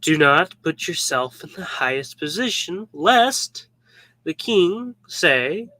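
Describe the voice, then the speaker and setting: Bright-voiced man giving casual Bible teaching. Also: on the high side, very animated, slow pace, no room sound, rough recording. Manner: informal, joking, acts out little scenes.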